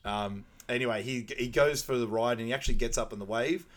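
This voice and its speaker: Animated man recapping a film. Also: medium pitch, brisk. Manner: animated retelling, acting out quoted lines, laughs often. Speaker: podcast co-host. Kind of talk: casual film recap chat.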